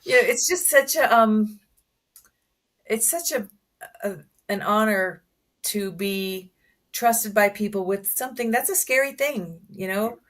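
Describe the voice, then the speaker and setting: A woman's voice: medium pitch, takes it slowly, a bit bright. Upbeat woman guest chiming in. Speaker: guest hypnotist. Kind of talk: casual chat.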